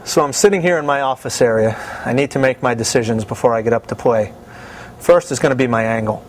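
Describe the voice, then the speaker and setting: A man calmly and methodically explaining his own technical routine as a bowler. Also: medium pitch, fast, a little hiss or hum.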